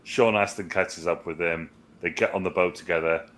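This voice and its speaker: A man's voice: deep voice, fairly even intonation, moderate pace, fairly bright tone. A man co-hosting a casual movie review chat, rambling and swearing as he recounts scenes. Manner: rambling, swears, quotes film lines in put-on voices. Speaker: podcast co-host.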